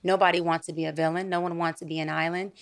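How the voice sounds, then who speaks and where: A woman, a psychology expert guest on a studio podcast, speaking in a calm, affirming, measured way. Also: lowish voice, no room sound. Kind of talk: podcast interview.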